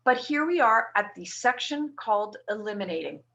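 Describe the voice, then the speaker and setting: Bright-voiced woman nurse presenting a webinar. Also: medium pitch, expressive, normal speed, muffled recording. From Canada. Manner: explanatory, walks through form slide by slide.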